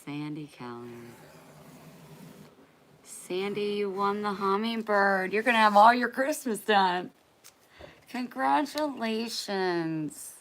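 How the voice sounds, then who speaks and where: A woman hosting a casual live stream, chatty and playful, easily excited. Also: medium pitch, takes it slowly, pauses often, a little hiss or hum.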